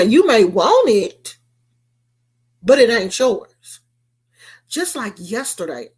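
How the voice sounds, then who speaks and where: A woman's voice: medium pitch, husky. A woman telling a story in a casual, sassy rant. She is emphatic and acts out the people she quotes in raised voices. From United States. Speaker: vlogger. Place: California.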